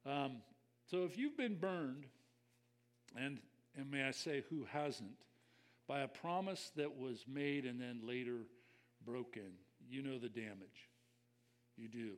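A man's voice: medium pitch, slow, long pauses. Older male pastor, conversational sermon. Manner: reflective, personal, addresses listeners directly.

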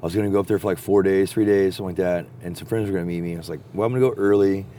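A man telling a long story in a profane, rambling, casual way that turns animated when he gets excited. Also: low voice, racing, slight background noise. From Texas.

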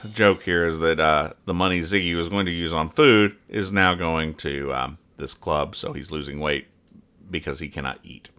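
A man's voice: extremely low pitch, moderate pace, pushed and bright, clear, resonant tone. A man hosting a comedy podcast, reading comic strips aloud and joking, trailing off and putting on silly voices. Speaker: podcast host.

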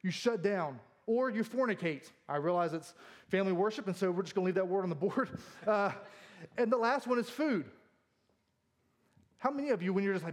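A man with a fairly high voice delivers a sermon from the pulpit. He keeps it light and jokey, pokes fun at himself and laughs easily as he moves between stories and scripture. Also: expressive, a little fast. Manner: jokey, self-deprecating, laughs often. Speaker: pastor. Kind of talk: humorous sermon.

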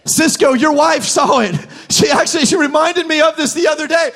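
A man, animated and self-mocking as he acts out funny stories. He breaks into shouts and laughs while addressing a live congregation in a church auditorium. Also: very high-pitched, fairly quick. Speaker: pastor. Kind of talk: humorous sermon storytelling.

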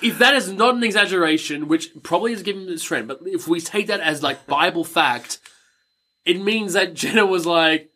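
A young man co-hosting a podcast, recapping a film in an excitable, sweary way with lots of "like". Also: high-pitched, moderate pace. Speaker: podcast co-host. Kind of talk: casual film recap chat.

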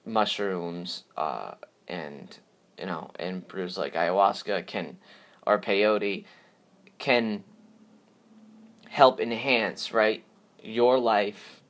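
Casting: man, lowish voice, solo podcast host, loose and meandering delivery with lots of restarts. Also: steady tone, slow pace, a bit bright. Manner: rambling, repeats words, yawns, drifts off track. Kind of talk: casual solo podcast talk.

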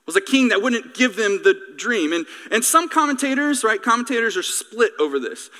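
A male pastor preaching a sermon in an animated, joking, conversational way. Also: high voice, normal speed, in a large hall.

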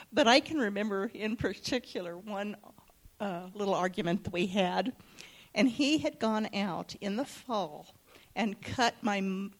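An older woman tells a family story at a slow, unhurried pace. She laughs often as she talks, in a good-humored, lively way. Her voice sits at an ordinary pitch for a woman. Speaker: panel guest. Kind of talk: personal storytelling. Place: church.

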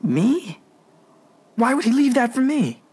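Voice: mid-range voice, very animated, takes it slowly, darkish tone, slightly rough, full character voice. An actor voicing a doubtful young boy questioning what he is told. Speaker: film character.

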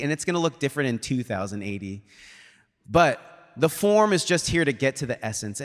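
A man of middle pitch preaches a sermon in a church, talking casually and retelling a story with plenty of "like" and quoted asides. His voice carries a long reverb tail from a large hall. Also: a bit bright. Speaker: guest preacher. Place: church sanctuary.

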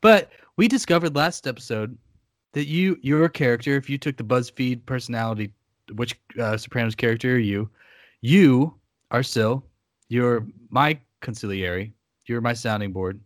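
A man's voice: medium pitch, a little fast, no room sound, clean studio sound. A man co-hosting a podcast, chatting casually and steering the talk in a laid-back, wry way. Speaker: podcast co-host. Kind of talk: casual chat.

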